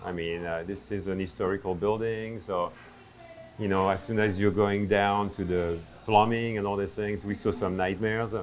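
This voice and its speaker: Chatty French-accented chef. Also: male voice, fairly low pitch, steady tone, normal speed. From France. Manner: chatty, self-mocking humor. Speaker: chef and restaurant owner. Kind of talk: casual interview. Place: busy restaurant at lunch. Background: diners chatting and laughing.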